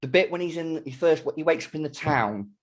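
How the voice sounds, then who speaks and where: British man, middle-aged, podcast co-host, casual chat, slightly high pitch, animated, laughs a lot. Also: fairly quick. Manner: animated, laughs often, acts out quotes.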